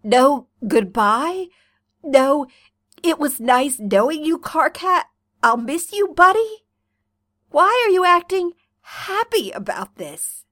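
Woman reading as a sick troll boy, hoarse, coughing, ranting, drawn-out, dry close sound. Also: medium pitch, expressive, no room sound, close to an everyday voice. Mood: indignant. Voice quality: coughing, raspy. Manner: melodramatic ranting. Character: sick, cranky young male troll. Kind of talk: fan fiction reading.

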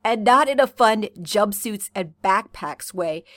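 A woman voicing a sick, cranky young male troll who rants melodramatically, coughing and hoarse, in a fan fiction reading. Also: mid-range voice, animated, measured pace, sharp tone, no echo. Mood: ranting. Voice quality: coughing, raspy. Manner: melodramatic ranting.

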